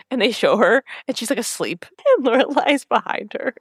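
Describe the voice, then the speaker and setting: A woman's voice: on the high side, animated, normal speed, breathy edge, dry recording, clean studio sound. A woman co-hosting a podcast, retelling scenes in casual chat and acting out the lines with frequent laughs. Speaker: podcast co-host.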